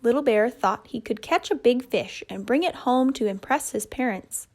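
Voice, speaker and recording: A woman telling a children's puppet story in a gentle, measured way. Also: on the high side.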